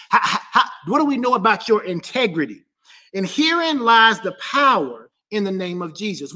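A man preaching a sermon as pastor, emphatic and driven by repeated refrains, drawing key phrases out slowly. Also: high voice, fairly bright tone.

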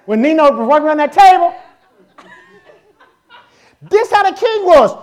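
Southern American woman preacher, high voice, animated delivery, acts out scenes. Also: unhurried, pauses often. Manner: animated, acts out Bible characters, shouts at peaks. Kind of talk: sermon.

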